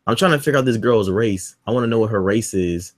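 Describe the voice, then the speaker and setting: A man co-hosting a podcast in casual chat, loud and teasing, swearing often. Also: mid-range voice, rough recording. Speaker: podcast co-host.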